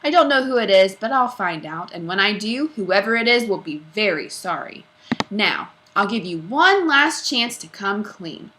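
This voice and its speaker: A woman voicing a gruff, suspicious male school principal who barks his questions loudly in a storybook reading. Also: medium pitch, big pitch swings, moderate pace, background noise, close to an everyday voice. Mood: interrogating. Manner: barking, loud interrogating.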